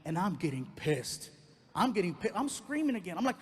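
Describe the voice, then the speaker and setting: A middle-aged man doing stand-up comedy storytelling, animated and breaking into yelling when acting out anger. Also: sits high, fairly quick, a little hiss or hum.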